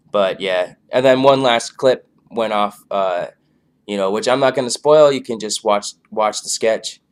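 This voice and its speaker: Laid-back, low-voiced man reviewing a show. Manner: loose, filler-heavy, laid-back. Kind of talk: casual rambling review.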